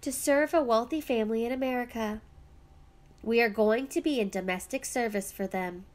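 A woman plays a brisk neighbor woman from a storybook. She talks in a quick, matter-of-fact way in a fairly high voice. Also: lightly acted.

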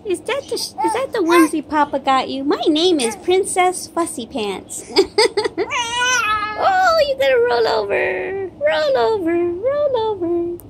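A woman's voice: very high voice, gravelly, noisy background. A middle-aged woman vlogger talking baby talk to an infant at home, cooing and sing-song, recorded on a phone. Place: home, indoors.

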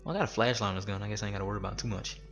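A man's voice: fairly low pitch, fairly even intonation, racing, vocal fry, a bit bright, faint music behind. A man in his twenties ranting with heavy swearing while commenting on his gameplay. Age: 20s. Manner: profane, exasperated ranting. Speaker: gaming streamer.

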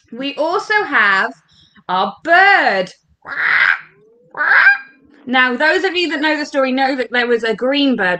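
A woman with a high, bright voice leads children through an interactive online storytelling session. She is upbeat and encouraging and keeps speaking directly to the young viewers at home. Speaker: children's workshop leader. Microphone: online livestream.

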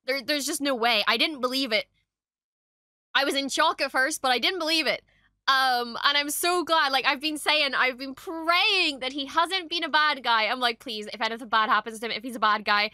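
A young woman reacting to a show in excited, gushing casual chat, swearing often. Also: high voice, moderate pace, dry recording, clean studio sound. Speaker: reaction streamer.

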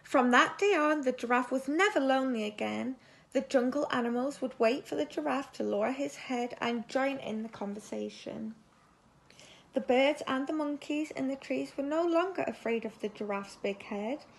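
With a high, slightly rough voice and some vocal fry, a woman reads a children's tale expressively at normal speed. She's a teacher, and now and then she breaks off to ask the children something.

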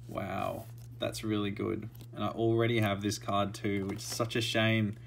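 A man's voice: on the low side, flat delivery, moderate pace, gravelly. A man giving casual, murmured commentary as he opens trading card packs. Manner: murmured running commentary that bursts into shouting and laughter. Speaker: card-opening vlogger.

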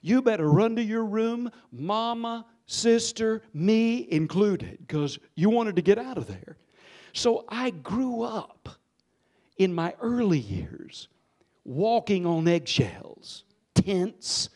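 Animated man preaching a sermon. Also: high voice, takes it slowly. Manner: animated storytelling preacher, swinging between hushed and loud; calls on the congregation to respond. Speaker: pastor. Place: church sanctuary.

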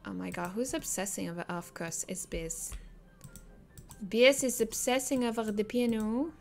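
A woman's voice: medium pitch, normal speed, gravelly, faint music behind. A woman giving casual gameplay commentary, chatting to the characters on screen and laughing often.

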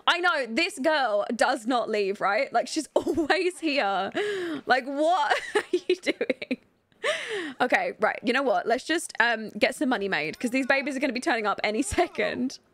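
A young woman streaming a life-sim game, chatting candidly with viewers, rambling with lots of fillers and quick to laugh. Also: high-pitched, animated, a bit bright, no echo. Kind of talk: casual live-stream chat while playing.

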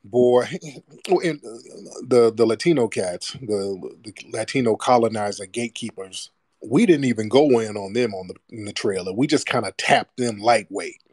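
A man hosting a casual commentary monologue, slangy and mocking, breaking into shrill voices to mimic his critics. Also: normal speed, a little mellow, dry recording. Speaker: host.

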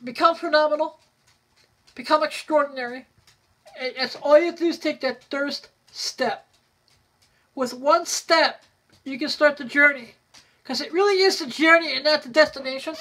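A man's voice: very high-pitched, moderate pace, long pauses, bright, forceful tone. A man hosting a radio show, giving an earnest, motivational sign-off in a casual monologue.

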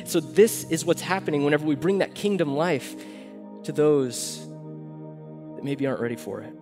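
Young male preacher, slightly high voice, animated storyteller who acts out quotes and drops to a hush for emphasis; large hall with long reverb. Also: moderate pace, music in the background. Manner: animated storytelling with acted quotes and sudden hushed lines. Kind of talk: sermon. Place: church hall before a live congregation.

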